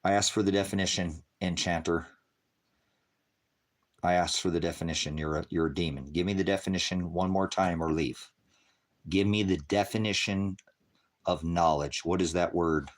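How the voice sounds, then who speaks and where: A man's voice: deep voice, fairly even intonation, moderate pace. Profane, combative man preaching to his chat. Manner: profane, combative, berating viewers; loud, swings between shouting and muttering. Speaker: livestream preacher. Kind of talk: ranting livestream preaching to chat.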